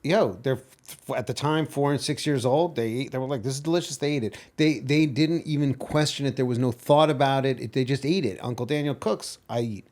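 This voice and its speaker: A male podcast co-host and chef talking in a brash, animated, joking way. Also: medium pitch, a little fast, hardly any pauses. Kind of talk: casual chat.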